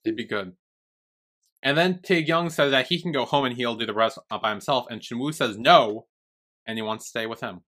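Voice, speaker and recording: A man's voice: mid-range voice, brisk, a bit bright. A young man co-hosting a podcast, chatty and retelling scenes with frequent swearing. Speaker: podcast co-host. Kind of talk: casual chat.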